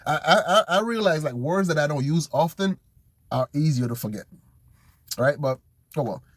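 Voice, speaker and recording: A man studying vocabulary out loud, thinking aloud, repeating words and making up memory tricks in a casual chat. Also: fairly high pitch, expressive, moderate pace, no echo. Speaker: language learner streaming his study session.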